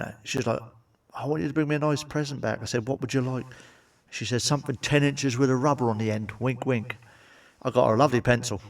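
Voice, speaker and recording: Sweary comedian, off-mic. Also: male voice, mid-range voice, vocal fry, far from the mic. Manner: blunt, sweary, asides to the audience. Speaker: stand-up comedian. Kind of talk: crude stand-up joke telling.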